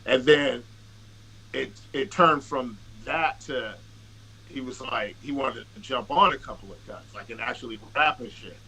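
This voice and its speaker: A man's voice: mid-range voice, a little slow, pushed and bright, husky, rough recording. A man, a rapper guesting on a podcast, telling long profane anecdotes in casual conversation, restarting sentences and acting out what others said. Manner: profane, rambling anecdotes with quoted dialogue; restarts and filler-heavy delivery. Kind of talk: casual storytelling.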